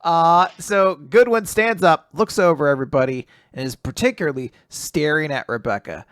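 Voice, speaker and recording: On a casual podcast, a male co-host retells manga chapters with animation, performing the characters' lines amid frequent laughs. His fairly high, fairly bright voice moves at normal speed in clean studio sound with no echo.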